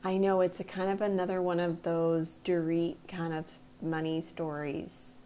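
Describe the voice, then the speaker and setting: A woman's voice: lowish voice, flat delivery, normal speed, mellow. A woman co-hosting a podcast, chatting casually and reacting eagerly. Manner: agreeable, reactive, gossipy. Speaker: podcast co-host. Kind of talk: casual chat.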